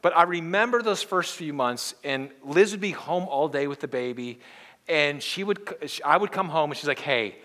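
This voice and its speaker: Earnest, fairly high-voiced male pastor. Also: lively intonation, normal speed. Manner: earnest, builds from hushed to emphatic, leads call-and-response. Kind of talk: sermon.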